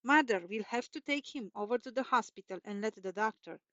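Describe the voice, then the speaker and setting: A woman voicing a calm, sensible father who reassures his wife, in a dull, dry recording. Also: fairly high pitch, fairly quick, dry recording. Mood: reassuring.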